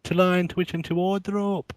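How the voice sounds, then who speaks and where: A man voicing an excitable male gamer with a put-on Northern English accent, squeaky and frantic. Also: a little slow, smooth, no room sound. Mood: sing-song.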